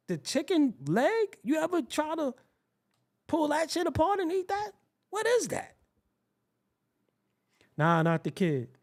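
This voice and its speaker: A man hosting his own show, telling a rambling, profane story in a casual, animated way. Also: high voice. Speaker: host.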